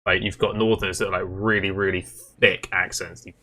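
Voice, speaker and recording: A man's voice: low voice, level tone, a little fast, bright, forceful tone. A young man from Southwest England, a podcast guest in casual chat, easygoing and full of "like" fillers. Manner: easygoing, lots of fillers, repeats himself.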